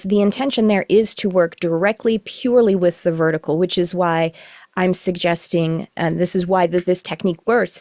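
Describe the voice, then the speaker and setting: A middle-aged woman teaching a live online class, explaining in a relaxed, rambling way with self-corrections. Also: fairly low pitch, no echo, clean studio sound. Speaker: course teacher. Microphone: video call.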